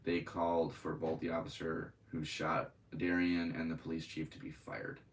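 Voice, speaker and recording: A man's voice: very deep voice, completely flat delivery, normal speed, recorded from a distance, slight background noise, poor audio. A man hosting a podcast, reading news aloud and breaking into profane, angry commentary. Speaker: podcast host.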